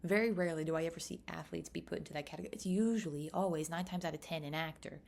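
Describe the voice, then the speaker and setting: Young woman vlogger, lowish voice, chatty and rambling to camera. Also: racing, gravelly. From United States. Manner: chatty, rambling, animated asides. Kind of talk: casual chat to camera.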